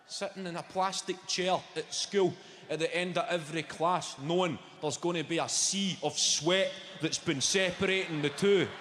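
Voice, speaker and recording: A man's voice: sits high, steady tone, moderate pace, a little hiss or hum. A Scottish man doing a sweary stand-up comedy set, telling stories brashly. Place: large venue stage. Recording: echoey hall with loud audience ambience. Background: audience laughter.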